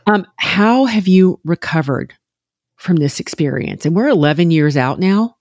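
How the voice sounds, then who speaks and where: Woman interviewer, mellow voice, keeps saying right right, dry sound. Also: fairly low pitch, lively intonation, unhurried, dry recording. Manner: warmly affirming, asks repeated questions. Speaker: interviewer host.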